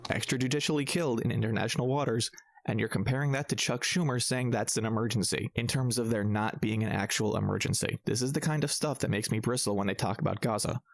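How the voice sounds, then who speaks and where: A man's voice: medium pitch, quick pace, no echo. A man narrating a political commentary with sarcastic rebuttals.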